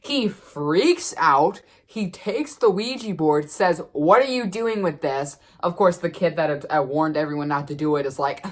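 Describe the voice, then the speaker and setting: A woman casually telling a story to the camera as a vlogger, chatty and animated, with lots of fillers. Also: sits low, normal speed, few pauses.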